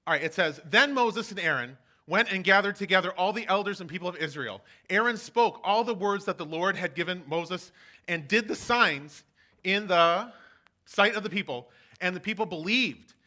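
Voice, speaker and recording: A man giving a casual sermon for an online church service, retelling a Bible story in a chatty, animated way. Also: high-pitched, moderate pace. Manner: chatty, animated storytelling with playful quoted voices. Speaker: pastor.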